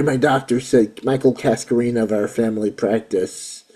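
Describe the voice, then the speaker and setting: A man in his forties hosting a casual chat show, excitable and rambling, often repeating himself. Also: medium pitch, moderate pace, breathy edge. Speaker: host.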